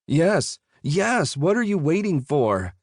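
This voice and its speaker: A man's voice: expressive, unhurried, a little mellow, no room sound, clean studio sound, close to an everyday voice. A man voicing a cowardly, whiny rich city man with a nasal voice. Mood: petulant. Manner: high, petulant, pleading.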